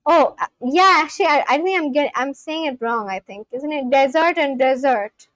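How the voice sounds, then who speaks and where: A woman's voice: sits high, moderate pace, a bit bright, dry recording. A woman from India, streaming casually, answering chat and repeating practice phrases as she thinks aloud. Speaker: livestreamer learning a language.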